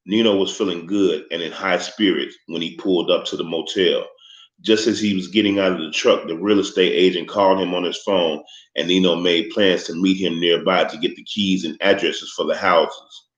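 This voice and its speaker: A man reading a novel aloud in steady, measured scripted narration. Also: deep voice. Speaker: audiobook narrator. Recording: echoey, slightly muffled room recording.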